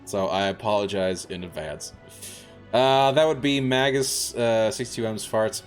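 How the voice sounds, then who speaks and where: A man's voice: on the low side, unhurried, soft background music. A man streaming a video game, chatting casually in a rambling way with many fillers and laughing at himself. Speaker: variety streamer. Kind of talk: casual gameplay commentary.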